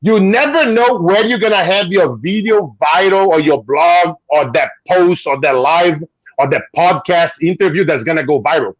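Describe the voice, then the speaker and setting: A man from Brazil with a Brazilian Portuguese accent, chatting casually as a guest, an animated storyteller who swears casually and acts out voices. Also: on the high side, moderate pace, dry recording, highs cut off. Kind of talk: casual chat on a video call.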